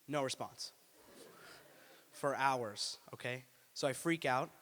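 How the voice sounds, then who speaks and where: A man's voice: medium pitch, slow pace, a bit bright. A man in his twenties doing stand-up at an open mic, offhand and profane with lots of filler words. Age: 20s. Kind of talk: stand-up comedy. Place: small indoor student venue. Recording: live room with long reverb.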